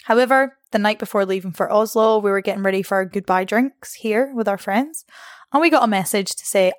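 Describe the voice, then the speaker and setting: A young woman tells stories as a guest in a loose, chatty way. She laughs often and her pitch jumps up when she acts out quotes. Her voice sounds dry and close. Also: brisk, no room sound. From Scotland. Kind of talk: casual storytelling interview.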